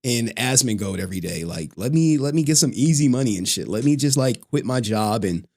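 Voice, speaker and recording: A man's voice: mid-range voice, lively intonation, a little fast, darkish tone, husky. A man chatting casually on a live stream, loose and profane, laughing often and reading out chat messages.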